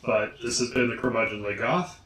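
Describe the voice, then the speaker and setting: Guy vlogging, says each name slow and careful, roomy sound. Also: on the low side, fairly even intonation, a bit bright. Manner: slow, deliberate enunciation of names. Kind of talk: casual pronunciation guide. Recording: echoey room.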